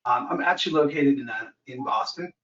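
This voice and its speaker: A man's voice: mid-range voice, fairly quick, fairly bright tone, a little hiss or hum. A man calling in to a coaching call, chatty and self-deprecating as he tells his story. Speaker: caller, new coaching client. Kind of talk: casual conversation. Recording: echoey, dull sound from a distant mic.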